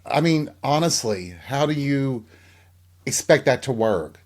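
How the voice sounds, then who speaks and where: A middle-aged man hosting his own podcast alone, talking at an ordinary pitch for a man. He muses aloud in a loose, candid way, wanders between thoughts and keeps turning to his listeners with rhetorical questions. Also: animated, unhurried. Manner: reflective, rambling, frank, asks listeners rhetorical questions. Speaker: podcast host. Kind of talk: candid solo podcast monologue.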